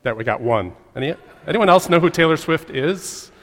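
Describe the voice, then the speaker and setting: A pastor with a slightly high, a bit bright voice and lively intonation preaches a lighthearted sermon at a moderate pace, joking and chatting with his congregation. The echoey church hall gives the recording a long reverb.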